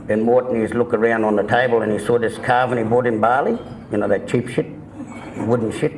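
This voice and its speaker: A man spins off-colour yarns in a loose, meandering way, swearing freely. His voice is mid-pitched and easygoing, with a faint hiss behind him. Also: fairly even intonation, fast, rough recording. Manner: rambling, swearing, folksy. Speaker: joke teller. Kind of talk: casual storytelling of crude jokes. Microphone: filmed by a camera operator.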